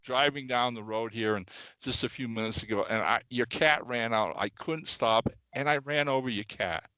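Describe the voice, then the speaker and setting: A man's voice: mid-range voice, normal speed, pushed and bright, clean tone, dry recording, natural voice, rough recording. A man doing a stammering, guilty businessman. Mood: apologetic. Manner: stammering, contrite. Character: flustered apologetic businessman.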